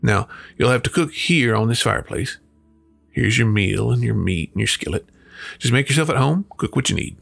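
Man doing a blunt old country miller, gravelly and husky. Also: mid-range voice, expressive, normal speed, a bit bright, no echo, faint music behind, full character voice. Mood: blunt, gruff. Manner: plain blunt country speech. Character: older male country miller, blunt and weary.

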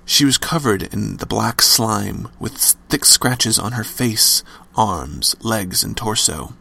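A man's voice: on the low side, takes it slowly, gravelly, sharp tone, dry recording. A man narrating a scripted horror story with dramatic, varied emphasis.

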